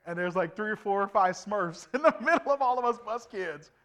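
A man's voice: sits high, expressive, fairly quick, a bit bright. A man in his forties, an evangelist, preaching his personal testimony at a church service with earnest storytelling and acted-out dialogue. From Indiana, USA. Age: 40s.

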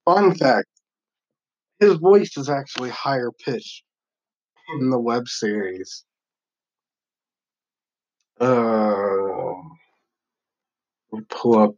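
Slow, halting man on a dull mic. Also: medium pitch, a little mellow. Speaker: host reacting to videos. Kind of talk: casual commentary.

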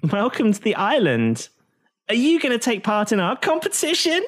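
A man's voice: high-pitched, huge pitch swings, normal speed, pitched above the performer's own voice. A man putting on a bubbly, giggly angelic woman. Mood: welcoming. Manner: sing-song, giggly, drawn out. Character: bubbly cheerful female angelic woman host.

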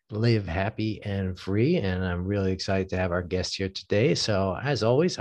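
A man from the northern United States hosting a self-help podcast in a relaxed way, with lots of ums and uhs. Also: lowish voice. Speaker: podcast host.

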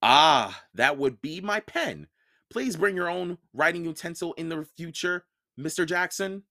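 A hearty, genial old-school teacher with a lively, bouncing delivery, as a man reads him in an audiobook. The voice sits close and dry on the mic. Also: on the high side, a little slow, creaky, no echo, heavily acted. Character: cheerful older male teacher in a wheelchair.

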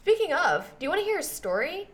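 Talking quickly in a very high, very animated voice, a young podcast co-host tells a story over slight background noise. Her casual chat is full of fillers.

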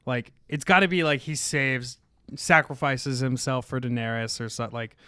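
A man guesting on a podcast, thinking aloud about a show and tossing in jokes. His voice is smooth and resonant, and it is recorded dry and close. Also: medium pitch, steady tone, moderate pace, pushed and bright, dry recording. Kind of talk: casual chat about a TV episode.

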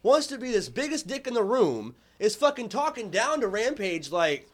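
Man, high voice, very lively pitch, swearing, laughing storyteller. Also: moderate pace, few pauses. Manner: profane, animated, laughs often. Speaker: podcast host, former wrestling manager. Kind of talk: casual storytelling chat.

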